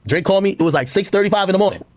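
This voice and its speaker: A man talking casually on a livestream, animated and laughing, often mimicking other people. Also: sits high, racing, no room sound. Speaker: livestream streamer.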